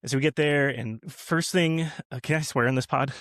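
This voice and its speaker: A man's voice: medium pitch, a little fast, fairly bright tone, no room sound, clean studio sound. A man on a podcast as a guest, telling a long story in casual chat with lots of restarts and fillers.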